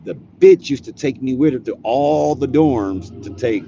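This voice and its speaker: A man's voice: medium pitch, animated, unhurried, vocal fry, dark tone, lo-fi sound, faint music behind. A man from California telling a prison story in a laid-back, slangy, profane way. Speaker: storyteller vlogger. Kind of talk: casual storytelling.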